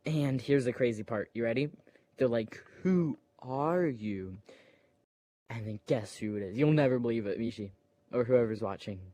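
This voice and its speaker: A man's voice: medium pitch, brisk, mellow, no echo. A man casually retelling a film scene by scene, full of fillers, acting out moments and sound effects.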